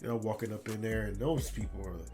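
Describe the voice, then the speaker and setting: A man hosting a gaming podcast, chatting casually and telling animated, profane stories in which he loudly imitates other people. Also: fairly low pitch, fast, soft background music. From Detroit area. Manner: animated storyteller, swearing, loudly imitating callers. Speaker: podcast host. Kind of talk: casual chat.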